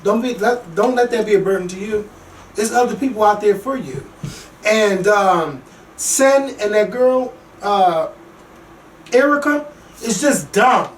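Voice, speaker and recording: A man hosting a casual talk show, ranting bluntly and profanely about reality TV, with lively swings in loudness. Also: high-pitched, measured pace, slight background noise. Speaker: podcast host. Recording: echoey room, mic at a distance.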